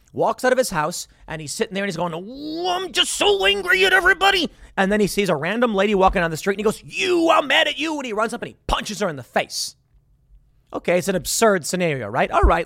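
A male commentator talks through his argument in an emphatic, combative monologue. His pitch swings widely as he presses each point and sits a little high for a man. The recording is dry and close, with no room echo. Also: a bit bright. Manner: emphatic and argumentative, reads and reacts to posts. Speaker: political commentator.

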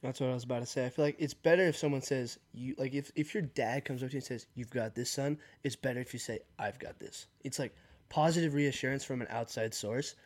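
A man talking as a guest on a podcast, relaxed and easygoing in casual chat. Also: mid-range voice, quick pace.

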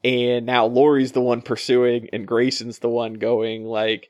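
A man co-hosting a podcast, giving thoughtful, measured analysis of a book in casual talk. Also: medium pitch, little pitch movement, darkish tone, dry recording, clean studio sound. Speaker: podcast co-host.

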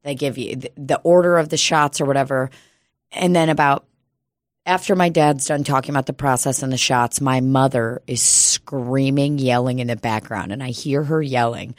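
A woman co-hosting a casual comedy podcast, telling profane, animated stories and acting out the people in them. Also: rumbling low, moderate pace, no room sound, clean studio sound. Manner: profane, animated storytelling with voiced quotes. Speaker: podcast co-host.

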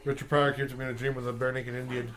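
A man's voice: mid-range voice, very fast. A man co-hosting a casual podcast chat, joking around playfully. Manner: animated, playful joker. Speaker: podcast co-host.

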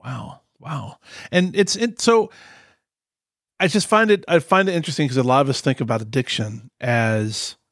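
A man's voice: medium pitch, normal speed, no echo, studio quality. Reflective male podcast host. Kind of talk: casual interview.

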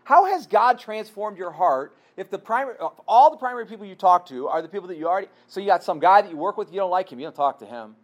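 A man's voice: high-pitched, expressive, fast, few pauses, muffled recording. A man giving a sermon in an earnest, conversational way, asking his listeners rhetorical questions. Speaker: pastor.

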